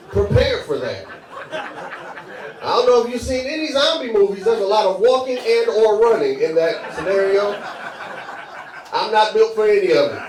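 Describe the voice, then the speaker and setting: A young man performing a loose, conversational stand-up set who laughs at his own jokes. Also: sits high. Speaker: stand-up comedian. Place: comedy club stage. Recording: echoey live room, mic heard from a distance, crowd laughing. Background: audience laughter.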